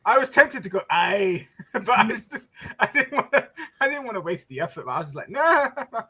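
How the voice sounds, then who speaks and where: An English man in casual chat, telling stories lively and laughing often. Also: high voice, quick pace, husky. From England. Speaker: show host.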